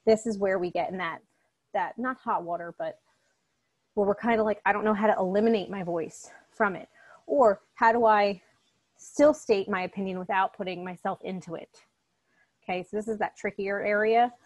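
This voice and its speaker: A woman's voice: mid-range voice, moderate pace. Chatty woman teaching a college class. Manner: casual and chatty, often checks in with "okay?"; direct and encouraging toward students. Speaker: college English instructor. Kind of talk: recorded online lecture.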